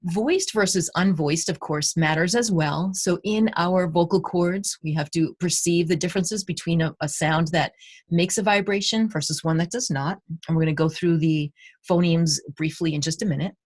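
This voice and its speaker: A woman's voice: fairly low pitch, moderate pace, a little mellow, slightly rough. A woman literacy educator giving a recorded conference presentation, explaining and guiding listeners through speech-sound exercises.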